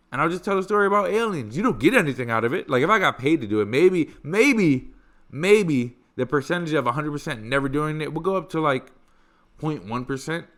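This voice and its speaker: A man hosting a podcast, telling stories in a casual, animated way, swearing freely and stressing points through repetition. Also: a little high. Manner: animated, profane, emphatic repetition. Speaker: podcast host. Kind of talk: casual storytelling chat.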